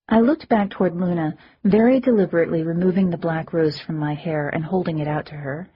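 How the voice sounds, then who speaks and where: A woman narrating an audiobook in the first person, in a calm, even storytelling manner. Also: lowish voice, fairly quick, few pauses, breathy edge. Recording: slightly muffled audio.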